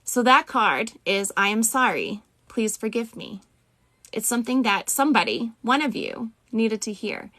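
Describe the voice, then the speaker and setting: A woman's voice: fairly high pitch, measured pace, bright, forceful tone, no room sound. A woman giving a live collective card reading, speaking soothingly and affectionately and greeting viewers by name. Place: home, live phone stream.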